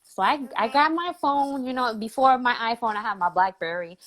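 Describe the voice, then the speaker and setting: A woman's voice: fairly high pitch, brisk, poor audio. A woman guest telling a family story in a casual interview, acting out other people's voices as she goes. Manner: animated storyteller, acts out quoted voices.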